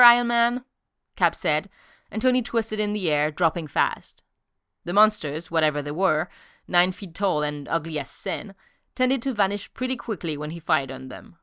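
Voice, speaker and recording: A woman narrating an audiobook story in a steady, even-paced way. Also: on the low side, no echo, clean studio sound. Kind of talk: audiobook narration of fan fiction.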